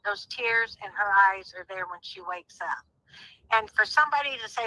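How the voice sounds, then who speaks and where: A woman's voice: mid-range voice, animated, moderate pace, bright, forceful tone, no room sound, low-quality recording. A woman speaking as a guest in a phone interview, emphatic and heartfelt, often repeating herself. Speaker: guest, sister of a crime victim.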